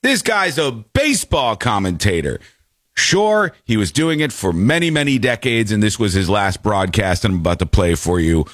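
A man's voice: expressive, normal speed, hardly any pauses, dry recording, clean studio sound. A male show host talking in a playful, jokey way, with a stuffy, congested voice. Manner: playful, jokey, swings pitch widely. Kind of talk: casual comedic show banter.

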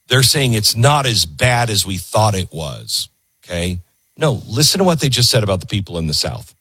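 A male host with a husky, low voice that rises and falls with lively emphasis as he talks over clips. The sound is close and dry, with no room around it. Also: no echo. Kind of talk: commentary on video clips.

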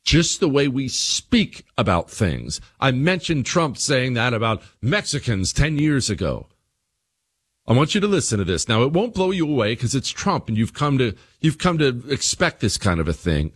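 A man hosting his own talk radio show, commenting emphatically, repeating phrases and swinging between low asides and raised points. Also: big pitch swings, normal speed, slightly rough.

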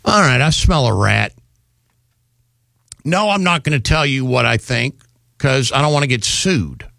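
Gravelly, animated talk radio man. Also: medium pitch, unhurried, dry recording. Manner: indignant, rambling, sarcastic. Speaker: radio talk show host. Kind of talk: opinionated talk radio monologue.

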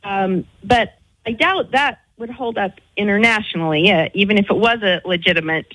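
A woman's voice: mid-range voice, moderate pace, a bit bright, dry recording, low-quality recording. Friendly, chatty woman caller from Utah. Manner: friendly, chatty, with indignant asides. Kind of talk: call-in radio chat.

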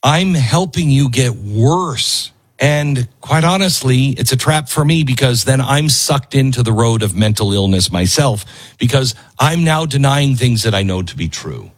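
Emphatic husky-voiced male commentator. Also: mid-range voice, unhurried. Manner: emphatic, lively, repeats lines for stress. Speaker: commentary show host. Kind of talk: opinionated commentary over a played video.

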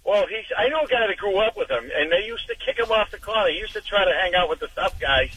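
A man's voice: high-pitched, animated, fast, pushed and bright, husky, low-quality recording. A man calling in to a radio show, chatty and passing on local gossip. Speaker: caller. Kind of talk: call-in radio talk.

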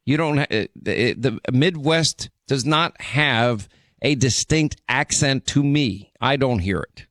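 A man in his sixties hosting a national radio talk show, with a faint New York accent and many quick stammered restarts. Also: mid-range voice, fairly bright tone, no room sound, studio quality. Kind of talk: talk radio, live ad read. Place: radio studio.

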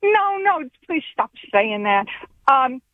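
Slow New York woman calling in. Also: high-pitched, sing-song, no room sound. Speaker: caller. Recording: muffled phone line.

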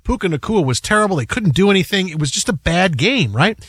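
A man's voice: high voice, animated, fast, fairly bright tone, breathy edge, no room sound, studio quality. A man hosting a sports radio show, chatting casually and acting out quotes, often laughing. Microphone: studio microphone.

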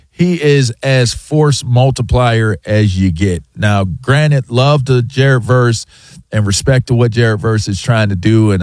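A man's voice: fairly low pitch, darkish tone, dry recording. A man co-hosting a sports talk show, speaking emphatically in long run-on thoughts about football. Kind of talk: casual sports radio chat.

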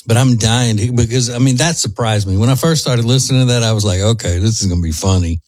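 A man's voice: mid-range voice, quick pace, a little mellow, no echo. A man co-hosting a talk show, chatting in a rambling, laid-back way. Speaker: radio show co-host. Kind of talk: casual chat.

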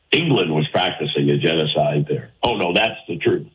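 A man's voice: deep voice, animated, normal speed, few pauses, a bit bright, low-quality recording. A man hosting a call-in radio show, arguing his point emphatically and firing rhetorical questions at his listeners. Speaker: talk radio host.

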